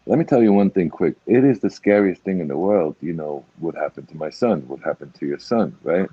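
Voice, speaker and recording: A middle-aged man with a low, husky voice, talking bluntly and swearing freely. The recording is dull and dry. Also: expressive, fairly quick, dry recording. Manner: blunt, swears freely, many "you know"s. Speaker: guest. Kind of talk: emotional casual talk.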